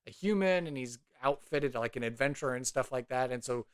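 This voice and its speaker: A man's voice: mid-range voice, a little fast, clear, resonant tone, no echo. A man hosting a podcast and narrating a tabletop role-play scene as game master, rambling casually with fillers as he describes the setting.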